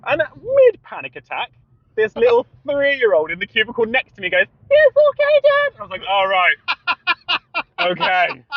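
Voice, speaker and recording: Man, podcast co-host, casual storytelling, lively swooping pitch, dry dull-sounding recording. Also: moderate pace, creaky, no room sound. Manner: animated storyteller, laughs often, swears. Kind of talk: casual chat.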